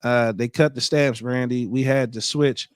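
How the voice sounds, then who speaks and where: A man's voice: medium pitch, fairly even intonation, normal speed, smooth, no room sound, studio quality. A man hosting a podcast live stream, chatting casually, reading out viewer comments and joking around with loose, profane banter. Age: adult father. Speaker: podcast host.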